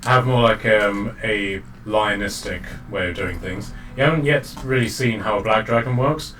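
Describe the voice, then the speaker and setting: A man's voice: on the low side, moderate pace, a bit bright. A man narrating as dungeon master, chatty and loose, with many fillers and laughs. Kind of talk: narrating a tabletop game. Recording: distant mic with faint background noise.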